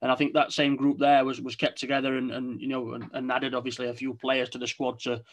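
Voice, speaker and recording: A man hosting an interview, asking long, halting questions with many restarts. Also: mid-range voice, level tone. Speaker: podcast host. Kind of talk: casual interview.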